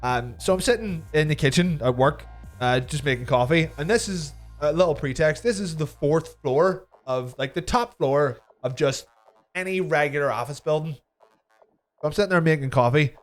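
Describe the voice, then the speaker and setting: A young Northern Irish man with a slightly high voice tells a rambling, sweary story, laughing through it as he goes. He co-hosts a casual live talk show, and faint music plays behind him. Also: moderate pace. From Northern Ireland.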